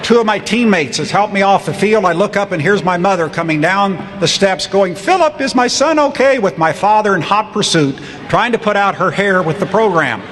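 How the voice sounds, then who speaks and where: A man in his sixties gives a commencement speech in a wry, deadpan storytelling manner. His voice sits fairly high for a man. The sound carries a long hall reverb over faint crowd ambience. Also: normal speed, hardly any pauses, background noise. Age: 60s. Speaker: commencement speaker. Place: large ceremony hall.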